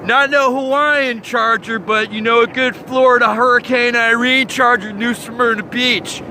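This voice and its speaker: A man doing a comedic surfer monologue, rambling in surfer-bro slang and acting out his story with loud sound effects and yells. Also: very high voice, fairly even intonation, measured pace, slight background noise, rough recording. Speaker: comedic host. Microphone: phone.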